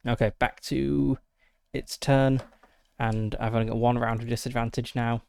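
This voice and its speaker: A man's voice: medium pitch, little pitch movement, moderate pace, creaky, darkish tone, clean tone. A man casually narrating his solo tabletop game, methodically thinking aloud through dice rolls and rules with frequent fillers, into a close desk mic.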